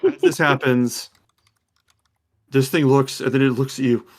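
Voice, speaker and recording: A man running a tabletop game as game master, who slows down when he describes the monsters. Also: mid-range voice.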